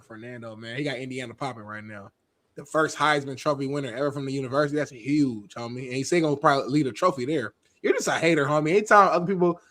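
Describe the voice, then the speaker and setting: Bright, high-voiced excitable co-host. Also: male voice. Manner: excitable, slangy, argumentative. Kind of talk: casual sports talk.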